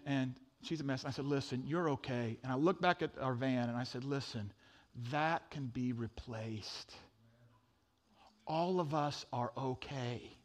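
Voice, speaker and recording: Man, middle-aged, pastor, sermon, high-pitched, animated storytelling, humorous. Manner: animated storytelling, sudden drops to a hush.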